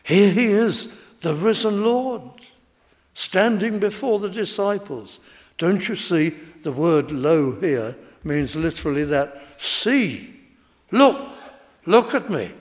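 A man's voice: high-pitched, slow pace, a little mellow. A man preaching a sermon, emphatic and building in intensity as he speaks. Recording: long reverb of a large hall.

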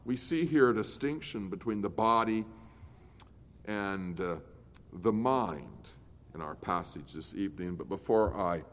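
A man preaching an evening sermon as a pastor. He swings between loud, emphatic declarations and quiet, low-voiced asides. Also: animated, a little slow, slight background noise. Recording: long reverb of a large hall.

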